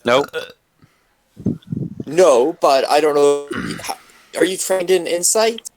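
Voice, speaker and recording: A man acting as game master in a casual tabletop role-playing session, relaxed and a little hesitant. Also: on the high side, slow pace, poor audio.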